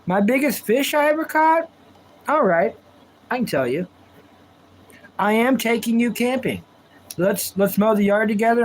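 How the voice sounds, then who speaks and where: A man's voice: sits high, a little hiss or hum, poor audio. A man hosting a casual live stream, chatting folksily with viewers and telling stories, indoors at home. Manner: chatty, folksy, answers viewer comments aloud. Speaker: livestream host.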